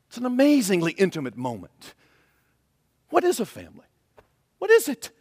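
A man preaching with a high, lifted voice, earnest and emphatic, hammering his points home through repetition. His voice is close and dry at the mic, yet a long reverb trails behind it as if it fills a large hall. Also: huge pitch swings, moderate pace, long pauses, darkish tone. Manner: earnest, emphatic, repeats key phrases. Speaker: pastor. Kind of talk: sermon.

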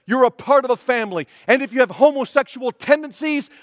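Male pastor, high voice, emphatic sermon delivery, long hall reverb. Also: fairly quick, studio quality. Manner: earnest, emphatic, repeats key phrases.

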